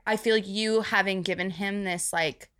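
A woman's voice: medium pitch, fairly even intonation, normal speed, fairly bright tone. A young woman co-hosting a podcast in casual chat, rambling with many fillers and teasing. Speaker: podcast co-host.

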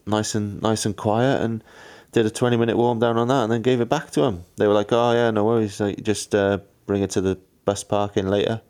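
A man's voice: lowish voice, steady tone, brisk, few pauses, a little mellow. A man, a cyclist, chatting casually and telling rambling stories with lots of fillers. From Wales. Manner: chatty storytelling, lots of fillers and mimicked voices. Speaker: pro cyclist, podcast co-host. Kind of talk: casual chat.

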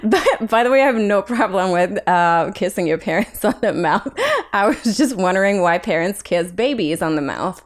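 A woman's voice: medium pitch, moderate pace. A young adult woman from Hungary with a Hungarian accent, talking frankly as an illustrator guest on a podcast interview. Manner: frank, animated, laughs often.

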